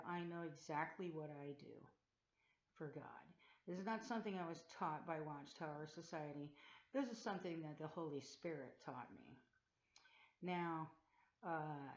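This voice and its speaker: Woman, low voice, earnest personal testimony, halting with fillers; dull, echoey laptop-mic recording. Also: a little mellow. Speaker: former Jehovah's Witness telling her story. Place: room in a group home. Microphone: built-in mic of a loaner PC.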